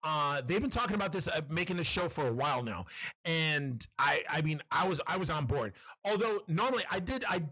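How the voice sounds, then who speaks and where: A man co-hosting a casual podcast chat, gushing and swearing freely as he talks. His voice sits a little high and comes across bright and forceful. He repeats words often as he gets going. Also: lively intonation, brisk, slightly rough. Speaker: podcast co-host.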